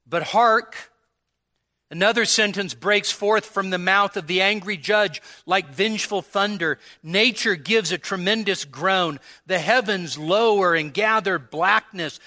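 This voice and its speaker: A male pastor preaches at a church service with a high-pitched voice that rings bright and keen. He takes his time, drawing out each phrase. His reading of old-fashioned sermon prose is solemn and dramatic.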